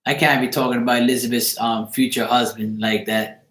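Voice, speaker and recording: A man's voice: medium pitch, level tone, a little fast, fairly bright tone. Joking, rambling man in echoey room. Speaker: card reader and channel host. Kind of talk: casual livestream chat.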